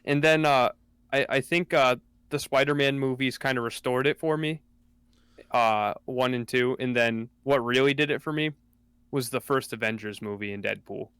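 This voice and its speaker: Smooth-voiced guest, dry close sound. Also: male voice, medium pitch, moderate pace, dry recording. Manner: relaxed, rambling, uses "uh" a lot. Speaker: podcast guest. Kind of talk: casual chat.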